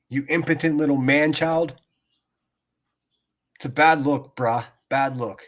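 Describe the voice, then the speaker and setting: A man's voice: fairly high pitch, steady tone, unhurried, long pauses. A man streaming and reacting to clips, ranting in a profane, mocking way and laughing sarcastically at his target.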